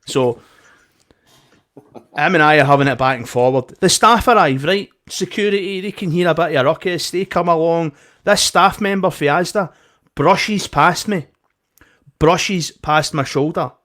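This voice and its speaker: A young Scottish man with a slightly higher voice tells a story in casual podcast chat. He gets animated, swears freely and acts out every side of the row himself. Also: normal speed. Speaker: podcast co-host.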